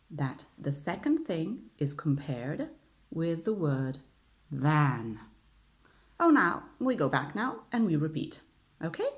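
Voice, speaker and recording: A woman with an Italian accent, a native Italian speaker teaching an online English grammar lesson and drilling phrases with frequent "okay?" checks. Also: low voice. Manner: drills aloud with lots of repetition and "okay?".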